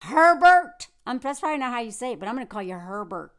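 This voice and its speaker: An American woman with a Southern accent ranting sarcastically in a political commentary vlog, swinging between loud and soft. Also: on the high side, very animated, quick pace, smooth. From United States.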